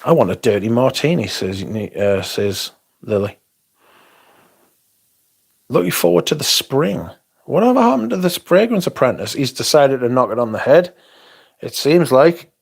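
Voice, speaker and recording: A man's voice: mid-range voice, animated, measured pace, vocal fry, long pauses, darkish tone, husky. A young man hosting a livestream, chatting casually, rambling and swearing as he reads comments aloud. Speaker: livestream host.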